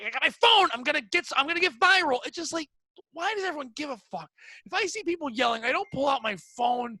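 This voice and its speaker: Man, very high voice, bright tone, ranting podcast co-host, crude comic banter. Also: no room sound. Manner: animated ranting storyteller, swears a lot.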